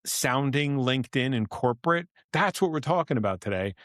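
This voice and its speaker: A middle-aged man co-hosting a podcast, talking in a loose, rambling way and laughing often. His voice sits at an ordinary pitch for a man. The sound is dry and close, with no room around it. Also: expressive, brisk, no echo. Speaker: podcast co-host. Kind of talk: casual podcast chat.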